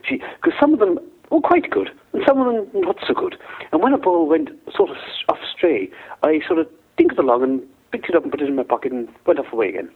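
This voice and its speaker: A mischievous little gnome rambles down the phone line in a Welsh accent. His voice sits high, gravelly and husky, and it swoops wildly up and down. The sound is thin and tinny, like an old phone line. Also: big pitch swings, fast talker. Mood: cheeky. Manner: rambling storyteller with sing-song rises and falls. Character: cheeky male gnome caller, rambling and mischievous. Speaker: phone-in caller.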